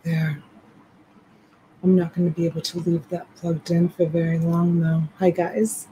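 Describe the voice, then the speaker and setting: Woman on a midnight live stream, slow easy talk, kinda hushed, little bit of room hiss behind her. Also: fairly low pitch, flat delivery, poor audio. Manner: chatty, greets viewers by name, half-whispering. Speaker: live-stream reseller host. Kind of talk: late-night live chat. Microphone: USB desk mic.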